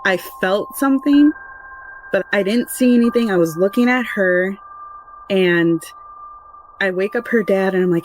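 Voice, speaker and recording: A woman's voice: mid-range voice, moderate pace, darkish tone, a little hiss or hum, poor audio. A woman casually recounting a frightening family experience, rambling and conversational with many restarts. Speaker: mother telling a true paranormal story. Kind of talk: casual spoken recollection.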